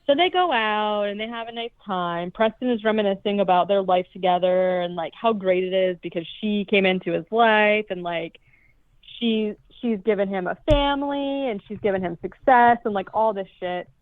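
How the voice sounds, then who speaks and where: A woman's voice: medium pitch, moderate pace. A woman co-host tells a movie plot in a loose, chatty ramble, swearing freely and filling gaps with "like." Her voice comes through thin and tinny, as if over a phone line. The sound is dry, with no room echo. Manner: chatty, profane, peppered with "like". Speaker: podcast co-host. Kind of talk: casual movie recap.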